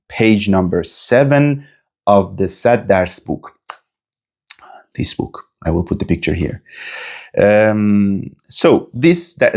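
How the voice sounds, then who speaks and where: Low-voiced man teaching an instrument. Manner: relaxed, explanatory, with frequent fillers and restarts. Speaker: music teacher. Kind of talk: instrument lesson.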